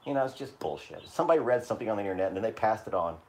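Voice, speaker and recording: A man's voice: fairly low pitch, expressive, racing. A middle-aged man hosting a live stream, talking casually and bluntly, swearing and joking as he explains his boat work.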